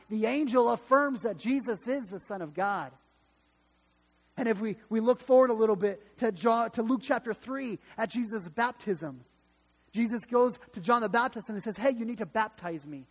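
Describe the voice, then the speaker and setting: A man's voice: high voice, moderate pace, in a large hall. A man preaching a sermon, emphatic and dramatic, retelling scripture with repeated restarts. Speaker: pastor.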